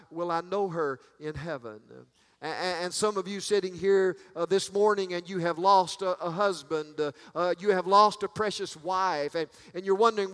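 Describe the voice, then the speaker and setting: A folksy, emphatic preacher with a fairly high male voice, building to fervent peaks with many restarts along the way. His sermon rings out in a sanctuary with a long, lingering reverb. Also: a bit bright, smooth. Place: church sanctuary.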